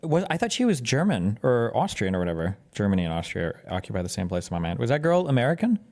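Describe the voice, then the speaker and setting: A man's voice: lowish voice, very animated, fast talker, darkish tone. A man streaming reactions to a press conference, making sarcastic and profane asides. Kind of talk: casual reaction commentary.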